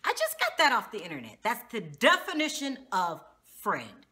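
A woman's voice: on the high side, wildly swooping pitch, normal speed, bright, forceful tone. A woman recapping a reality TV episode in a casual vlog, outspoken and slangy, with frequent exclamations. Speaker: TV show reviewer.

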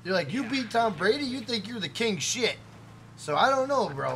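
A man's voice: high-pitched, lively intonation, moderate pace, a bit bright, slight background noise. A man live-streaming a game, chatting casually, swearing and joking as he reads out viewer messages.

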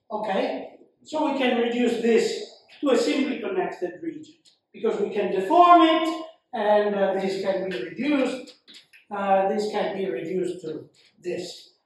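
A man giving a university lecture, slow and halting, with frequent fillers and repeated phrases. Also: sits high, slight background noise. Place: lecture hall. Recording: very echoey room, mic far off.

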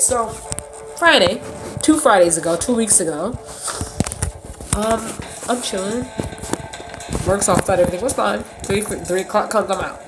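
A woman's voice: medium pitch, expressive, unhurried, long pauses, noisy background. Indignant woman telling a storytime. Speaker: vlogger. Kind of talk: casual storytime vlog. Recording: music playing behind voice.

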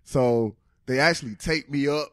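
A man in his thirties from Tennessee, a former pro football player telling stories as a guest in a casual interview, animated and laughing often. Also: medium pitch, normal speed, no room sound, clean studio sound.

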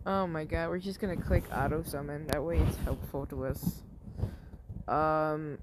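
A woman's voice: low voice, unhurried, long pauses, background noise. A woman giving casual commentary while playing a mobile game, swearing often and yelping when things go wrong. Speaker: gamer.

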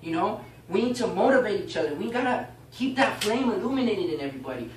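A man teaching a baptism class in a casual, animated way, often asking "okay?" and "you know?". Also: high voice, quick pace. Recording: echoey room, mic far off, faint noise.

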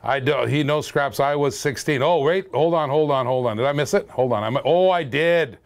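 A man's voice: medium pitch, normal speed. A man hosting a live-stream auction, joking and laughing often and repeating bids again and again.

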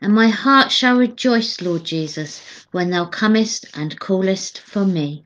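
A woman's voice: mid-range voice, a little slow, a bit bright, highs cut off. A woman co-leading midday church prayers, chatting with dry humour and reading scripture aloud.

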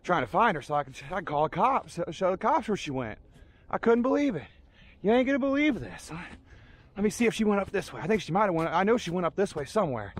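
Breathless high-voiced man on a trail. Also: very animated, quick pace. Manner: breathless, rambling, mock-outraged. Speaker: vlogger. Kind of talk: comic storytelling vlog. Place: outdoor park trails. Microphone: handheld camera.

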